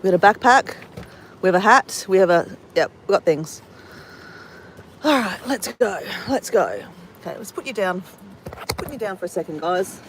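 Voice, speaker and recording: An Australian woman chatting excitedly in a casual vlog, swearing now and then, outdoors by the ocean on a windy day. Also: medium pitch, moderate pace, long pauses. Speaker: vlogger.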